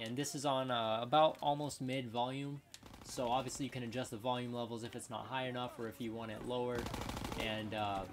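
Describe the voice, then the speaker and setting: A man's voice: medium pitch, slight background noise. Casual rambling man testing a desk mic. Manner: rambling, filler-heavy, self-correcting. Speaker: gaming channel host reviewing a microphone. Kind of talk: casual gameplay commentary. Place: home gaming setup. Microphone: desk USB condenser microphone, distance changing.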